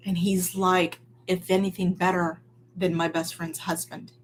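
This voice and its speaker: A woman preaching a sermon in an earnest, emphatic way, swinging between loud stresses and quiet, near-hushed lines. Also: fairly low pitch, flat delivery, measured pace, slight background noise.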